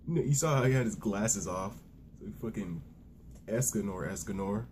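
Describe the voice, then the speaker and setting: A young man giving a casual, excitable and profane manga review, retelling scenes with lots of restarts. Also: fairly low pitch, moderate pace, a little hiss or hum. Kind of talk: casual solo review rant.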